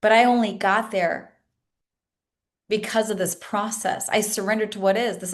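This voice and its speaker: A woman's voice: mid-range voice, steady tone, fairly quick. A woman coach in her thirties opens up to her class with an earnest, personal story. She speaks with raw emotion and often stops to restart a thought, in an ordinary mid-range voice. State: tearful at times. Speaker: coach leading a masterclass.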